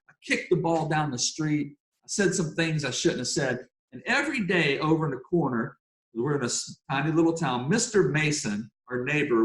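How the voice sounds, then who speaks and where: A man telling a personal story in an interview, in an animated, emphatic way with casual fillers. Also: a little high. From Pennsylvania, United States. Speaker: guest speaker. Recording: echoey room.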